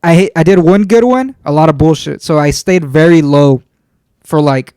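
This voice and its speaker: A man's voice: on the high side, normal speed, mellow, clear, resonant tone, dry recording, clean studio sound. A man in his twenties co-hosting a podcast, telling stories in loose, profane casual talk. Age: 20s. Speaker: podcast co-host. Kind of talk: casual chat.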